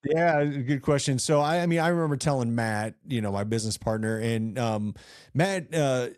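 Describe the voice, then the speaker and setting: A man's voice: medium pitch, moderate pace, a little mellow, dry recording, studio quality. A middle-aged man from rural northeast Missouri, a company founder telling his story as a podcast guest in earnest, rambling talk full of fillers and restarts. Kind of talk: casual interview storytelling.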